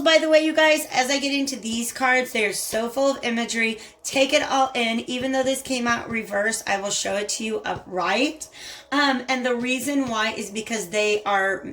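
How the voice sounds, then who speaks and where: A woman's voice: on the high side, a bit bright, a little hiss or hum. A woman with a Southern US lilt talks her way through a tarot spread in a slightly raised voice. She is effusive and conversational, gushing over the cards and turning to her viewers again and again. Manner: chatty and effusive, addresses viewers as "you guys". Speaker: tarot reader. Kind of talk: casual spiritual tarot reading.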